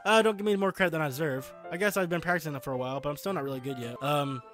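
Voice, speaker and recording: A man's voice: a little high, rapid-fire, music in the background, lightly acted. A man reading the lines of a cheerful, confident teenage girl who leads a school club, mostly in his own voice.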